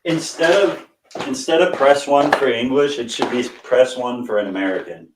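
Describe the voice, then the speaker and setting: A man's voice: mid-range voice, normal speed, background noise. A man co-hosting a casual chat show, telling laid-back stories and laughing often. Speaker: podcast co-host.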